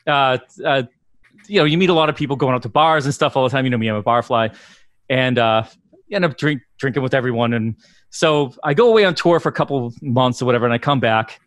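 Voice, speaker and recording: A man's voice: medium pitch, fast, fairly bright tone, no room sound. Man with Boston accent, rambling storyteller, casual podcast chat, dry close sound. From Boston area, USA. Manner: rambling storyteller, swears freely, laughs often. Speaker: drummer telling tour stories.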